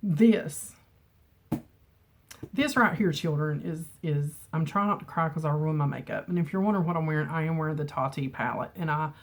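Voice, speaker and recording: A middle-aged woman talks casually to her camera at home, chatty and openly emotional, laughing easily. Her voice sits slightly low for a woman. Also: moderate pace. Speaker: beauty vlogger. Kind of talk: casual chat. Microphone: camera mic with ring light.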